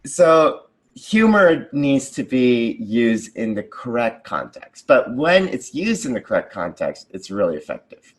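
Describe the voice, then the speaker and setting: An American man being interviewed about conversation design. He talks enthusiastically and slips into lively voices for his examples. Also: mid-range voice, measured pace. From United States. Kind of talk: casual interview chat.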